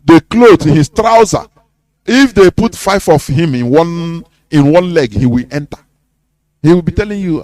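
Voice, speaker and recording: A man's voice: fairly high pitch, lively intonation, unhurried, darkish tone, dry recording. A man with a Nigerian accent giving an impassioned live radio talk. He is emphatic, often checks "you understand?" and chuckles between points. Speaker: radio presenter.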